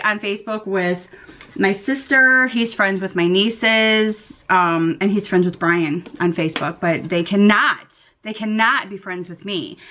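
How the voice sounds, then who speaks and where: A woman's voice: medium pitch, fairly bright tone. A middle-aged woman vlogger chatting casually at home, telling a long rambling story full of fillers and quoted back-and-forth. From Southern United States. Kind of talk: casual chat. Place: at home near a window.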